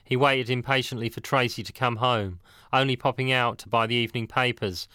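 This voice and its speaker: A man narrating an audiobook in a steady, matter-of-fact reading. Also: mid-range voice, brisk, clean tone, dry recording, studio quality.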